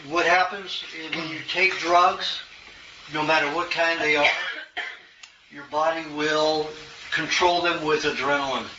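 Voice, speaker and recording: A man's voice: a little high, steady tone, unhurried, pushed and bright. Older man telling stories in a roomy hall. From American South. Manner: folksy storytelling, chuckles often. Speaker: health lecturer. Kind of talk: casual Q&A talk. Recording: roomy, distant, muffled, noisy room recording.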